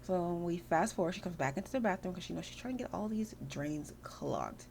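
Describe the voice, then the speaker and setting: A woman rambles through casual commentary over her gameplay, chatty and full of filler words. Her voice sits fairly low and carries a gravelly fry. A faint hum runs underneath. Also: lively intonation, a little fast, darkish tone. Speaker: gaming channel host.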